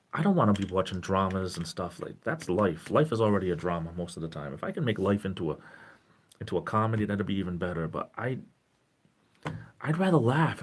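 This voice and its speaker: A man in his forties chatting casually on a live stream in a gentle, caring tone, rambling and breaking off mid-sentence as he greets viewers. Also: low voice. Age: 40s. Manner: rambling, self-interrupting, greets chat viewers.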